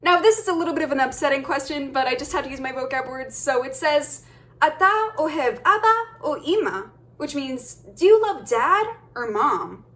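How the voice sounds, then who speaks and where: A woman's voice: high voice, lively intonation, moderate pace, a bit bright. A young woman teaching a casual video language lesson, upbeat and encouraging, talking straight to her viewers.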